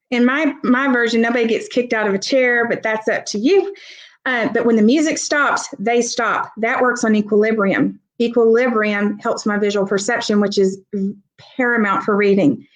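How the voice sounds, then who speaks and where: A woman appears as a guest expert in a live-streamed parenting talk, explaining how children learn to read and acting out examples with vocal emphasis. Her voice is a little high and steady at a normal pace, though the audio is poor.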